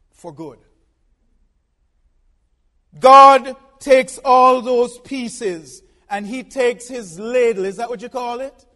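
A man preaching a sermon from the pulpit, folksy and humorous, swinging from soft asides to loud emphatic lines. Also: high-pitched, long reverb tail. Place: church pulpit.

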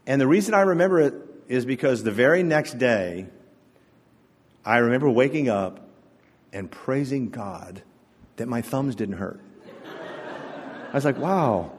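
A man's voice: medium pitch, animated, a little slow, pauses often, breathy edge. Male pastor preaching in a reverberant hall. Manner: conversational storytelling with humor. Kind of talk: sermon. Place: church sanctuary with congregation. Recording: echoey church hall.

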